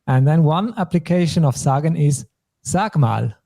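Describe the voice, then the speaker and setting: Patient man teaching German, mellow voice. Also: a little high, animated, normal speed, gravelly. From German-speaking Europe. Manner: patient, explains step by step. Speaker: language teacher. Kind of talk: bilingual language lesson.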